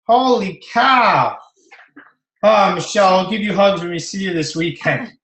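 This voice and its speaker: A man's voice: sits high, brisk. A man hosting a team conference call, joking and encouraging the members. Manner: animated, joking, supportive. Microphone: phone on a call. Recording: echoey call audio.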